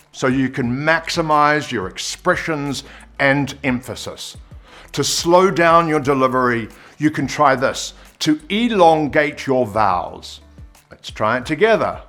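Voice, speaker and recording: Lively New man coaching presenters. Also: measured pace, faint music behind. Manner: expressive, demonstrates pitch and pace changes. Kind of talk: on-camera presenting lesson.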